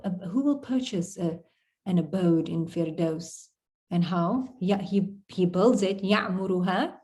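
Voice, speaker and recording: A woman with a fairly low-pitched, darkish voice teaches an Arabic poem to her online class over a video call. She explains it word by word in a chatty manner.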